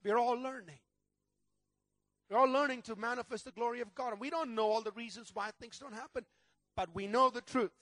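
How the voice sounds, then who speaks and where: A man with a notably high voice preaches a sermon as pastor. He tells his story earnestly and builds toward fervent prayer. The sound is dry and close, with no room echo. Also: a little fast, fairly bright tone.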